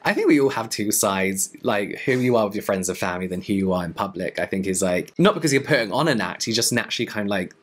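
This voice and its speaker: A man's voice: on the low side, lively intonation, fast, hardly any pauses. A young man with a Southern English accent answering viewer questions in a casual, rambling vlog, full of asides and "like". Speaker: beauty YouTuber.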